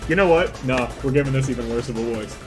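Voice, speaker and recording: A man's voice: medium pitch, fast, over music. A young man streaming a game, reading the story aloud, laughing often, swearing and cracking jokes. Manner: jokey, laughs often, swears, switches into silly character voices. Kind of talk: casual let's-play commentary with voiced lines. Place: home streaming setup.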